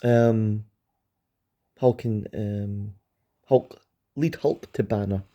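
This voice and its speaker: A man's voice: lowish voice, very slow, mellow, dull audio. A middle-aged man reviewing an old comic book in a casual vlog, rambling and enthusiastic, with lots of ums and restarts.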